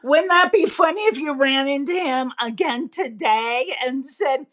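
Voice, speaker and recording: A woman's voice: sits high, measured pace, few pauses, a bit bright. A woman hosting a casual interview, encouraging her guest with short replies and questions. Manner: encouraging, frequent short backchannels. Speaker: interview host.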